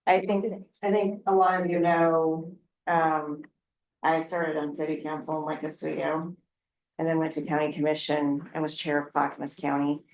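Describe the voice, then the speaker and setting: A middle-aged Oregon woman, a regional council president, speaks candidly and chattily at a council work session, frank, laughing, and using filler words. Her low-pitched, darkish voice is level and moderately paced, picked up far from the mic. The council meeting room sounds roomy, with faint noise.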